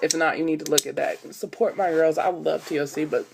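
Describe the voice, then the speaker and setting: A woman's voice: low voice, steady tone, brisk, gravelly, slightly rough. A young woman vlogging casually into her phone camera, rambling with lots of fillers. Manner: chatty, rambling with many fillers.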